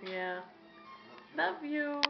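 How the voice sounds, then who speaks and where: A woman's voice: sits high, big pitch swings, drawn-out words, creaky, muffled recording, over music. A mother cooing at her baby at home in a sing-song, coaxing way.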